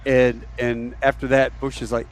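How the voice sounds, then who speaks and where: A man spinning a long flying tale on a casual podcast, bouncing between narration and quoted voices. His pitch sits in the middle range. A faint hum of noise runs underneath. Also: normal speed. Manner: animated storyteller, acts out quotes. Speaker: podcast host. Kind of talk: casual storytelling.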